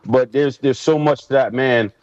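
A man's voice: mid-range voice, moderate pace, no echo. A man, a former pro football player, telling stories in a casual interview and acting out what others said. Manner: animated, acts out quotes in raised voices. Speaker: former NFL player guest. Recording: dull lo-fi sound.

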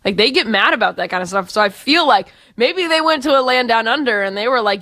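Woman from Texas, sports talk co-host, bright voice, dry studio mic, lively emphatic delivery. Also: on the high side, fast, few pauses, no echo. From Austin, Texas.

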